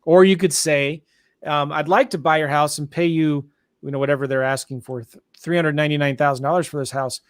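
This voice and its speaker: A man hosting a live online tutorial, talking excitedly and addressing viewers directly as guys. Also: a little high, fairly quick, dry recording, studio quality. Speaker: show host. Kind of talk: enthusiastic live tutorial chat.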